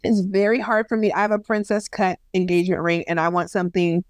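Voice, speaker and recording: A woman's voice: medium pitch, fast, dry recording. A woman in her thirties, co-hosting a podcast, tells a story with lots of animation. Her voice sits in a middle register. The recording is close and dry, with no room sound. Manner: animated storyteller, acts out quoted voices, laughs at herself. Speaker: podcast co-host. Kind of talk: casual storytelling chat.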